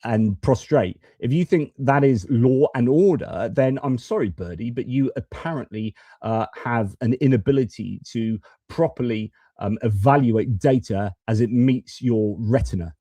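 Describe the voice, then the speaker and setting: A man's voice: medium pitch, unhurried, few pauses, dark tone, no echo. A man commenting on news clips in a casual, hesitant way, with many fillers and restarts. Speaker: political commentator.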